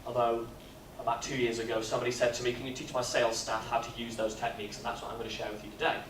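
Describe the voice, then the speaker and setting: A man, speaking at a business workshop and telling stories in a lively, jokey way. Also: medium pitch, racing, a little hiss or hum. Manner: lively storyteller, jokey and animated. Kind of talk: live workshop talk with comic storytelling. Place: expo hall. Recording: echoey hall, mic from far off.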